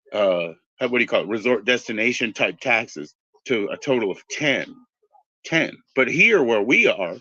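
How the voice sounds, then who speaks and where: A man's voice: medium pitch, bright, forceful tone, dry recording. A man in his forties in casual chat, wandering through tangents and swearing freely. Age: 40s. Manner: meandering, profane, tangents. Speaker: podcast host. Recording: dull lo-fi dry recording.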